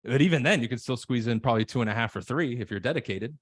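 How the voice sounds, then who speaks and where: A man coaching on sales calls in casual podcast chat, emphatic, acting out nervous callers in quick voices. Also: medium pitch, expressive, no room sound. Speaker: real estate coach.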